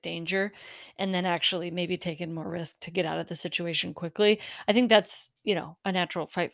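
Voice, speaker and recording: A woman's voice: lowish voice, dry recording, studio quality. Earnest woman telling a personal story. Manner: earnest, emotional, animated retelling with laughs. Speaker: podcast host.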